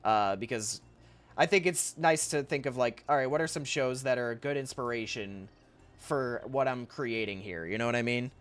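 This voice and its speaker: A man's voice: medium pitch, moderate pace, a bit bright, clean tone. A young man streaming while he draws, rambling casually to chat, reading messages aloud and often laughing.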